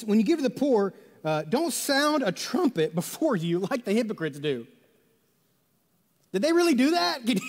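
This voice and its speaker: A man delivers a sermon to his congregation, loose and chatty, with plenty of jokes and rhetorical questions. His voice sits high for a man. The sound carries a long reverb from the church hall. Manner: conversational, jokey storytelling with rhetorical questions. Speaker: pastor. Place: church sanctuary.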